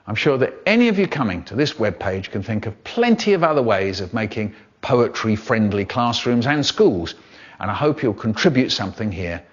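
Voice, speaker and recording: Expressive older man. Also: muffled recording. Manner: playful, highly expressive, drawn-out words. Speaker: poet and storyteller. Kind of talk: expressive poetry performance and talk.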